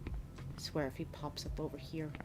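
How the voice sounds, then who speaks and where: A woman's voice: low-pitched, level tone, moderate pace, over music. A woman streaming a game, jittery and nervous, often laughing through her fright. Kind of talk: gaming stream chat.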